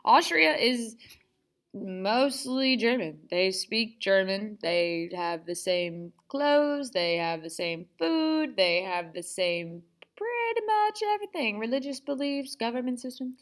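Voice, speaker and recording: Woman, history teacher, casual lecture, sarcastic asides, higher pitch. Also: expressive, takes it slowly. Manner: chatty, sarcastic asides, lots of "like".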